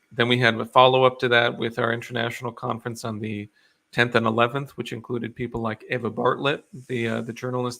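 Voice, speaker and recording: Guy on a podcast pushing his point hard, bright clear voice, lots of uhs. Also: mid-range voice. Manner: earnest, urgent advocacy with frequent fillers. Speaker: guest. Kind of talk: interview answers.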